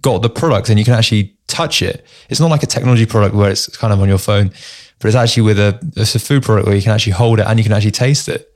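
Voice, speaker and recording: Male podcast host, low-pitched, relaxed and chatty. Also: rapid-fire. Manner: chatty, relaxed, says "mate" and "actually" a lot. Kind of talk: casual podcast interview.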